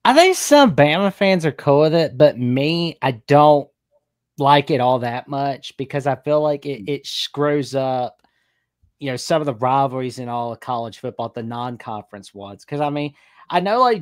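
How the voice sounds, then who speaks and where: Southern caller, strong Alabama accent, chatty and folksy, dry mic. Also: male voice, medium pitch, dry recording. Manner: upbeat, chatty, folksy sayings. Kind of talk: casual call-in chat.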